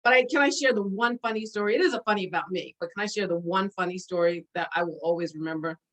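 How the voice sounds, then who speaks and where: A woman in her forties telling old stories in a casual conversation, animated and often breaking into laughter, with lots of fillers. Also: mid-range voice, fast talker, poor audio. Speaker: guest sharing memories.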